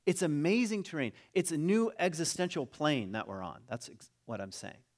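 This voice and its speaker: A man's voice: on the high side, lively intonation, moderate pace. A man preaching a conversational sermon, reading a passage aloud and breaking off into jokes and asides. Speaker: pastor.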